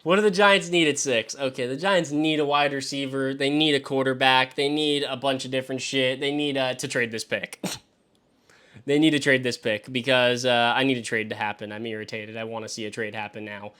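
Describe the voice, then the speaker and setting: A man hosting a live stream as he works through a mock draft, talking to himself and swearing freely. He swings between exasperated yelps and low mutters. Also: steady tone, a little fast, fairly bright tone, clear, resonant tone. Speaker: fantasy football show host. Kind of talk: live-streamed solo commentary.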